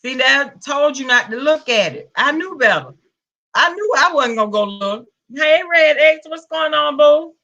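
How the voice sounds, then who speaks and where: A woman with a Southern US accent hosts a casual livestream, greeting viewers by name and calling them pet names. Her high-pitched voice is bright and forceful with lively intonation at a moderate pace, though the audio is dull.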